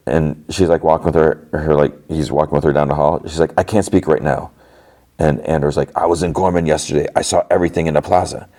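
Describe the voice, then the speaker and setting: A man's voice: a bass voice, warm tone. A man hosting a podcast, casually recapping a TV episode scene by scene and quoting the characters' lines as he goes. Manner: retells scenes with lots of "he's like" and quick quoted lines.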